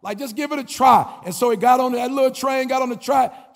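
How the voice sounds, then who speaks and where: A man giving an energetic motivational commencement speech in a call-and-response style, with playful sound effects. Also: very high voice, brisk, creaky, few pauses, in a large hall. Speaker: motivational speaker.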